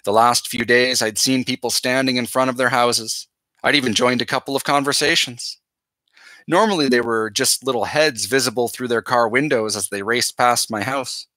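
A male teacher reading a novel aloud to his class in a steady, measured voice. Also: medium pitch, no room sound.

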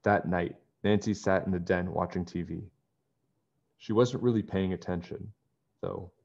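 A man reading a children's chapter book aloud in a friendly, expressive storytelling manner, on a dull lo-fi recording. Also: deep voice, unhurried, vocal fry. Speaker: storybook reader.

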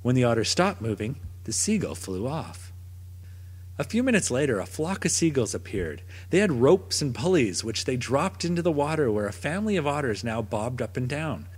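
A man reading a children's picture book aloud at a middle pitch, his voice rising and falling in a lively way. The tone is a little husky, and his gentle storytelling carries a long reverb. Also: moderate pace. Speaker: storybook narrator.

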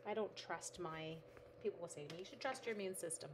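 A fast-talking middle-aged woman with a fairly low voice hosts a craft livestream over a noisy background. Making cards, she chats casually, reads viewer comments aloud, and speaks to her materials.

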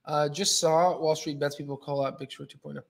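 Casual male stock-chart host, young adult, slightly higher voice, sleepy and rambly. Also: fairly even intonation, fairly quick, vocal fry. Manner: rambling, filler-heavy, frequent restarts. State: yawning, tired. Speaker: stock market channel host.

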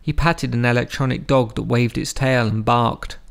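Male audiobook narrator, measured delivery, gravelly texture, mid pitch. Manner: steady, measured storytelling.

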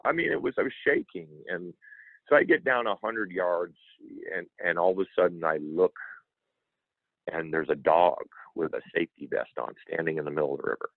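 Male guest, low and gravelly, earnest storyteller, dry close sound. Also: brisk, dry recording. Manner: earnest, animated, acts out quoted dialogue. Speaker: interview guest, author. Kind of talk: emotional personal storytelling. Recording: tinny phone-like line.

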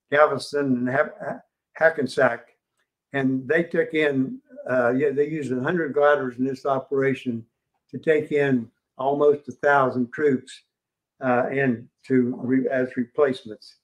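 An older man with a West Virginian accent giving an informal history lecture at a museum, halting with many fillers and restarts. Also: medium pitch.

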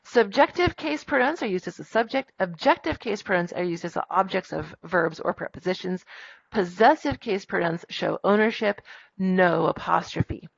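Gravelly woman teacher, dictating punctuation. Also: mid-range voice, animated, muffled recording. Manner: brisk, firm with students, dictates punctuation aloud. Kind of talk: classroom grammar lesson. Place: classroom.

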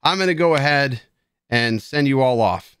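Clean, studio-quality audio with no room sound captures a medium-pitched, slightly bright, animated male voice at a moderate pace. Wearing a headset at his streaming desk, he drinks beer and rambles casually to viewers, tipsy, playful and full of self-mocking banter.

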